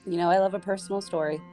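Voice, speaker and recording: A woman co-hosting a podcast, retelling film scenes in animated, laughing storytelling. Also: lowish voice, brisk, soft background music. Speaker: podcast co-host. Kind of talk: casual chat.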